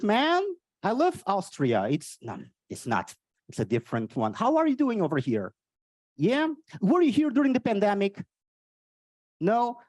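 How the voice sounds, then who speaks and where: A man from Portugal with a Portuguese accent doing a stand-up comedy set and chatting with the crowd. He swings between high exclamations and low muttered asides. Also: a little mellow, no echo. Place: live comedy venue.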